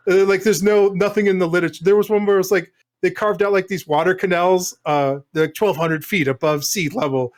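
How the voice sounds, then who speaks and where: Laughing, animated man riffing with his buddy. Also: high voice, brisk, few pauses. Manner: animated, laughing, says bro and dude a lot. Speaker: podcast co-host. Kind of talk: casual podcast banter.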